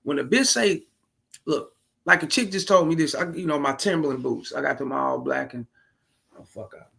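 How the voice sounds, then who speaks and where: A man's voice: on the high side, normal speed, gravelly, sharp tone, husky. A man reacting to a clip in casual commentary, blunt and crude, handing out streetwise advice to the fellas.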